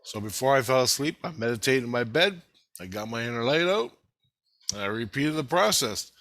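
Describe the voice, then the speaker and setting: A man rambling through a profane, animated story about his spiritual experiences. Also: mid-range voice, a little fast.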